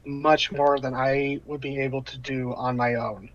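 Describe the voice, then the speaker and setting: A man voicing a guarded, weary company agent who speaks in measured, halting phrases. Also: mid-range voice, level tone, natural voice. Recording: muffled online call audio.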